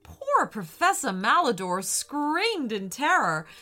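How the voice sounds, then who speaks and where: Slow, lively woman reading a children's story. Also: high voice.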